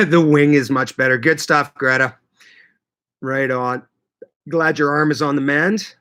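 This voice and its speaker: Bright-voiced Canadian man chatting live. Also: a little high, fairly even intonation. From Canada (Manitoba). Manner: chatty, greets viewers loudly, quick laughs. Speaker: livestream host reading chat. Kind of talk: casual livestream chat.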